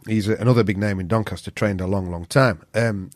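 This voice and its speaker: A man's voice: on the low side, a little fast, no echo, clean studio sound. A man from the north of England with a Yorkshire accent, telling a long story as a podcast guest, swearing freely and acting out what people said. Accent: Yorkshire English. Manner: swears freely, animated storyteller who acts out quotes. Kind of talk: casual storytelling.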